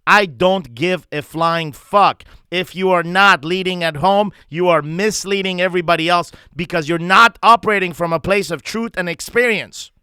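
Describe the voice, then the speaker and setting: A man's voice: high-pitched, moderate pace, few pauses, sharp tone, clean tone, no room sound, clean studio sound. A man coaching bluntly, with heavy swearing and emphatic repetition of his points. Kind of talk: forceful motivational talk.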